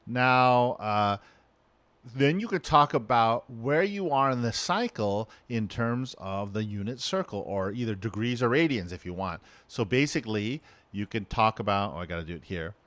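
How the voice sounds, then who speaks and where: A middle-aged man teaching a recorded lecture, halting and checking in with "right?" and "okay?". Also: mid-range voice, animated, fairly bright tone, dry recording.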